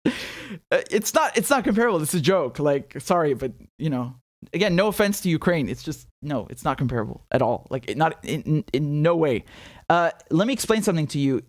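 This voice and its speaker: A man's voice: a little high, a little fast, no room sound, studio quality. A man hosting a live stream, commenting casually and answering chat in a blunt, profane way, with many restarts, while nursing a headache. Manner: blunt, profane, animated, with many repeated words. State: has a headache.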